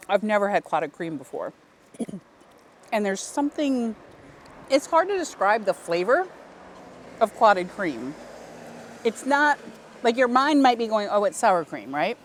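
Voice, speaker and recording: A woman's voice: mid-range voice, big pitch swings, takes it slowly, long pauses, a little hiss or hum. A woman from the American South hosting a casual food vlog, chatty and goofy, laughing easily. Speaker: vlog host. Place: outdoor tea house seating.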